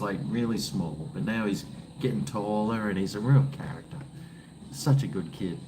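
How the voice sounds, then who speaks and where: A man's voice: on the low side, a little mellow, slight background noise. Rambling Australian man on a beer live stream. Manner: rambling, swearing, joking. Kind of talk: casual chat while drinking beer.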